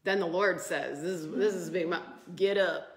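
A woman's voice: lowish voice, brisk, a crowd in the background. A woman giving a casual devotional talk, telling stories with laughs and acting out the quotes. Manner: animated, laughing storyteller who acts out quotes. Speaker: Bible study speaker. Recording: echoey room.

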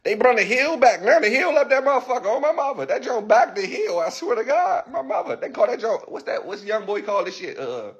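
Man, Washington DC accent, high voice, boastful profane livestream rant, handheld phone camera. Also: sing-song, brisk, hardly any pauses. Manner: boastful, swearing, laughing often.

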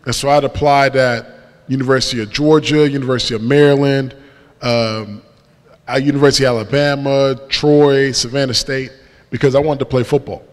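A young man giving a storytelling testimony as a guest speaker in a church, lively and self-mocking, acting out dialogue. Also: medium pitch, brisk. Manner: lively storyteller who acts out dialogue and laughs at himself. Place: church sanctuary. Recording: long church-hall reverb.

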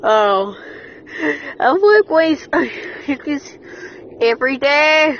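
A woman talking in excited, exclamatory bursts that break into swearing. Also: high-pitched, takes it slowly, a little hiss or hum. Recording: dull lo-fi audio with faint music.

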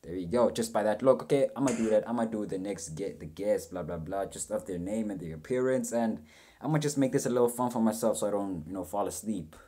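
A man's voice: on the low side, fast talker, dark tone. A young man giving a rambling, self-mocking reaction commentary, swearing freely as he goes. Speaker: reaction video host.

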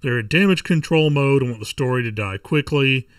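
A man hosting a podcast, reading a letter aloud with his own comments, halting and full of fillers. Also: medium pitch, distant mic. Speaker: podcast host.

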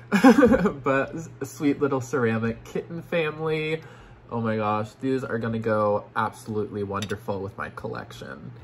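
A man's voice: mid-range voice, fairly bright tone, a little hiss or hum. Gushing man unboxing vintage toys. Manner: gushing, effusive, repeats "oh my gosh"; breathy exclamations, drops to near-whispers. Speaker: vintage toy collector and seller. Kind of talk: casual unboxing vlog.

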